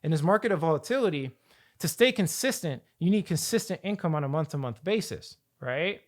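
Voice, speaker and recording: A man coaching viewers on finance in an energetic, rambling talk to camera, often repeating and restarting his phrases. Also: fairly high pitch, a little fast. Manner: energetic, rambling, hype-building. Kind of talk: hyped talk to camera with slides.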